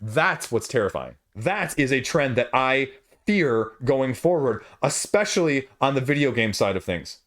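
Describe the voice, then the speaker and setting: Speaking at a measured pace in a medium-pitched, sing-song, fairly bright voice, a man who runs a board game channel delivers a casual opinion rant to camera. He's emphatic and passionate, and his voice leaps whenever he gets heated.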